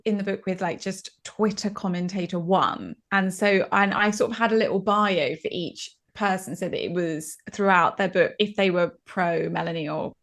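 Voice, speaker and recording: Chatty woman talking about her book, laughs a lot, rattles along in quick bursts. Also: fairly low pitch, fairly bright tone. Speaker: guest author. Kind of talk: casual interview chat.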